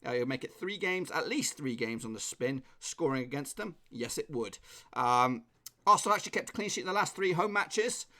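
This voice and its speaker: A chatty man with an English accent hosts a live stream, rattling through viewers' score predictions. His voice sits a little high and is slightly hoarse. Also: expressive, fairly quick, bright, forceful tone. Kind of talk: casual live-stream chat.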